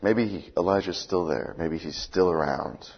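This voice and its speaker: A man's voice: low voice, moderate pace, husky, dull audio. A man teaching a Bible study, conversational and often checking in with his listeners. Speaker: preacher.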